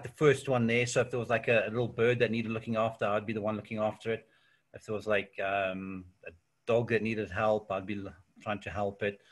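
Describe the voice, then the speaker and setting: A South African man talks easily in a casual interview, his voice bright and clear. He rambles through anecdotes, peppering them with "yeah" and "um". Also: fairly low pitch. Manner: relaxed storytelling with frequent fillers and "yeah". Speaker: interview guest. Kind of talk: casual chat.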